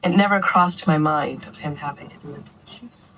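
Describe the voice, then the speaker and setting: Mother, interview testimony, earnest and steady delivery, low register, faint background hiss. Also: a little fast, low-quality recording. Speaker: mother telling her family's story.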